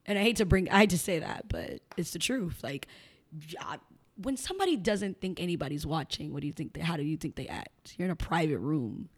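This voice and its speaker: A woman's voice: deep voice, lively intonation, fairly quick. A young adult woman speaking as a podcast guest, talking frankly and bluntly and laughing often. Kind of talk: candid conversational interview.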